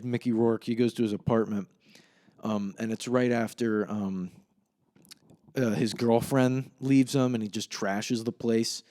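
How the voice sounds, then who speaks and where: A young man hosts a casual solo podcast, rambling, swearing, and laughing at himself as he retells a film. His voice is medium-pitched, warm, and steady, with a measured pace and long pauses.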